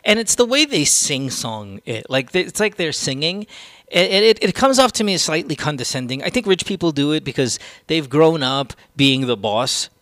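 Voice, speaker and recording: A man's voice: on the high side, sing-song, moderate pace, a bit bright, no echo, clean studio sound. A man hosting a podcast, ranting casually with strong opinions and plenty of swearing. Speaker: podcast host.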